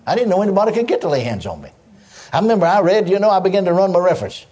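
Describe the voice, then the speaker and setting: An older preacher in full sermon flow, voice pitched high and swooping widely up and down. He tells stories with many repetitions, quick chuckles and rising shouts of praise. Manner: animated storytelling with repetitions and laughs.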